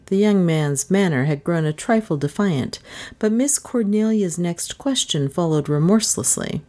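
A woman narrating a story in a steady audiobook reading. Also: on the low side, moderate pace.

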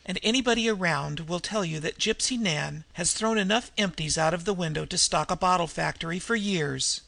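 A man voicing a sick, desperate woman criminal in disguise, who speaks in a hoarse, labored voice with slangy underworld talk. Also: on the high side, sharp tone, dry recording.

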